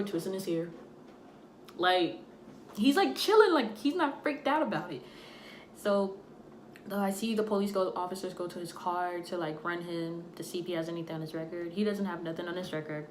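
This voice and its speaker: A young woman telling a storytime tale in a casual, animated way, acting out the voices of the people in it. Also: mid-range voice, brisk. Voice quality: animated, acts out quoted voices. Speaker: storytime vlogger. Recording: echoey room, faint noise.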